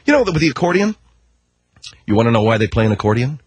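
A man's voice: mid-range voice, very animated, husky, no room sound. A man hosting a talk show, delivering a combative, sarcastic rant. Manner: combative, sarcastic, rapid ranting. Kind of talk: ranting talk-radio commentary.

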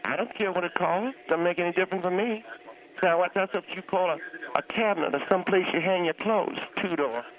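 A man's voice: sits high, a little fast, fairly bright tone. A man playing a cranky old churchgoing aunt. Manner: blunt, grumbling, scornful. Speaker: phone caller. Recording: phone line.

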